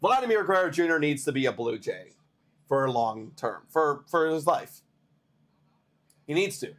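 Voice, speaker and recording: Excitable male baseball livestream host. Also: fairly high pitch, moderate pace. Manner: excitable, rambling, talks to chat. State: tired, yawning. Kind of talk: live-stream commentary.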